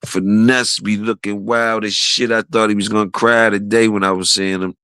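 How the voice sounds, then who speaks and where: A man on a livestream, rambling in casual chat with profanity, often laughing and quoting others with animated, raised delivery. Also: lowish voice, moderate pace, smooth, dry recording, rough recording. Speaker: streamer host.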